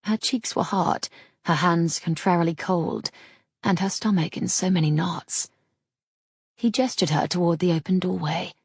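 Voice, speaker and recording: Husky low-voiced woman narrating. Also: moderate pace, darkish tone, no echo, studio quality. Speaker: audiobook narrator. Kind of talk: romance audiobook narration.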